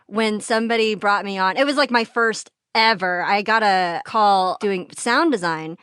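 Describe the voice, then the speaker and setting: A young woman hosting a casual interview, chatty and quick to laugh. Her voice sits at a middle pitch and sounds close and dry, with no room echo. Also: a bit bright, smooth. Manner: chatty, laughs often, many fillers. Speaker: podcast host.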